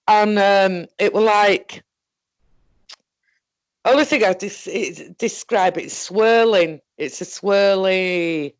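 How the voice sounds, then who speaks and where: Slow-talking Northern English woman. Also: medium pitch, clean tone, no room sound. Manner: halting and rambling, with frequent swearing and laughter. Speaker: guest recounting an experience. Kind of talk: casual spoken storytelling.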